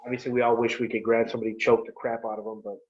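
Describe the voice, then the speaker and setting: A man's voice: medium pitch, little pitch movement, rapid-fire, background noise. A man speaking as a podcast guest, talking loosely with trailing phrases and lots of fillers. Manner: loose, trailing phrases full of "you know". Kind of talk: casual podcast chat. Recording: dull lo-fi sound.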